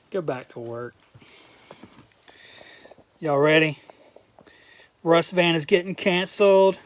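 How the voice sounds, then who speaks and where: A man's voice: on the high side, takes it slowly, long pauses, no echo. A man in a casual show-and-tell vlog, rambling through his collection with crude jokes and asides, his throat a little dry. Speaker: collector vlogger.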